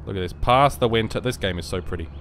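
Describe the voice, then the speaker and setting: A sick young man rambling and joking through casual gameplay commentary, sometimes yelling at the game. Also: lowish voice, fast, a little hiss or hum. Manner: rambling and joking, with sudden loud outbursts at the game. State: sick with a virus. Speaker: gaming YouTuber.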